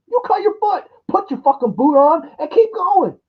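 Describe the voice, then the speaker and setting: A man's voice: very high voice, animated, normal speed, few pauses. A man ranting through a crude, exasperated horror movie review, mocking the characters in put-on voices. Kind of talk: profane ranting film review. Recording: dull lo-fi audio.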